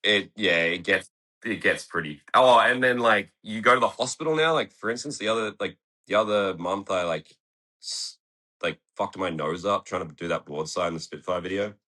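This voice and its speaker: Here the young skateboarder keeps a moderate pace, his low voice pushed and bright. Sitting in a podcast studio for a casual interview, he wanders through stories, curses liberally, and acts out what others said.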